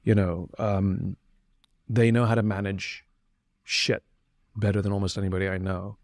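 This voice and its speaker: Low-voiced earnest man on a podcast. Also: little pitch movement, normal speed, darkish tone, no room sound, studio quality. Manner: earnest, reflective, with frequent restarts. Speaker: podcast guest. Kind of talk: candid conversation.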